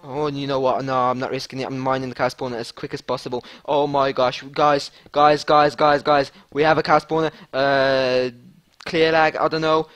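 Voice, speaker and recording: A man giving excited gameplay commentary as a channel host, stammering and swinging between shouts and whispers. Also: medium pitch, normal speed.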